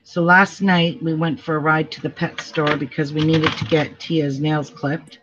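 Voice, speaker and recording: A woman's voice: low-pitched, level tone, measured pace, a bit bright. A middle-aged woman hosts a casual quilting tutorial at home, chatting and laughing often as she tells stories while she sews. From Canada. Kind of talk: casual craft tutorial chat. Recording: dull lo-fi recording with faint noise.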